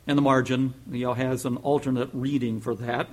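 A man preaching a sermon in an earnest manner, rising to emphatic peaks and dropping to soft asides. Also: medium pitch, fast, few pauses. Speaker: pastor.

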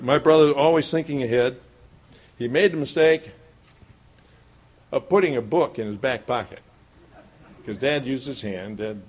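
A man's voice: mid-range voice, husky. A middle-aged man preaching a sermon, telling a homespun childhood story in a folksy way and chuckling often.

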